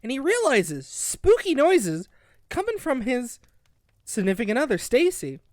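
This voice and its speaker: Loud profane young woman cohost. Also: high voice, big pitch swings, unhurried, dry recording, studio quality. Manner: loud, profane, giggly, drinking wine. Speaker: podcast co-host. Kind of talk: casual comedic book review chat.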